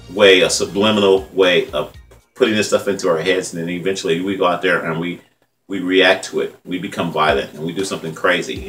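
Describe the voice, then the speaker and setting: A man's voice: deep voice, a bit bright. A man in his fifties from California, an independent journalist hosting his own vlog, talking in a rambling, heartfelt, conversational way with frequent "man" asides. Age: 50s. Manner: conversational, repetitive, heartfelt, says "man" often. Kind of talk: casual rambling commentary. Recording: distant mic with faint music behind.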